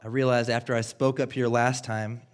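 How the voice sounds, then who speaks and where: A man's voice: medium pitch, little pitch movement, normal speed. American man preaching on a headset. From United States. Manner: earnest and self-deprecating, swings between loud and hushed. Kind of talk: sermon.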